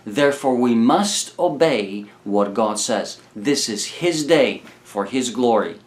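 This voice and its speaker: Earnest male preacher with a lively voice. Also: mid-range voice, slow pace, few pauses. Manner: earnest, exhorting, addresses the congregation directly; emphatic repetition. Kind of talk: sermon.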